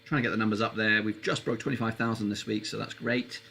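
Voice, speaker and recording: A man talks through a football match live for his stream viewers, a gravelly, creaky edge to his voice. His pitch shoots up when a chance is on, then drops back into easy chat. A faint hiss sits under the recording. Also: fast talker. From England. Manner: excitable, voice leaps up high on chances. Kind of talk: live football watchalong commentary.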